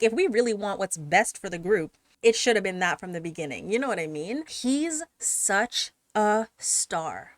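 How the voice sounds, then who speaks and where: A woman hosting a reaction channel, chatting casually and getting excited, sometimes shouting and laughing. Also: mid-range voice, no echo. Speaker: K-pop reaction channel host.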